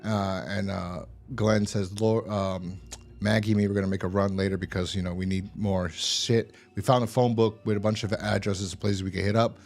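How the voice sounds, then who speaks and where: Over soft background music, a man recaps and reviews a TV episode in a fairly low, level, darkish voice at a moderate pace. His take is casual and rambling, with frequent swearing as he retells scenes and acts out quoted lines.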